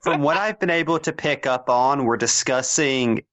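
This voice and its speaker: A man with a middle-pitched voice co-hosts a casual podcast chat. He drops in wry, dry quips. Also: normal speed, a bit bright. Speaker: podcast co-host.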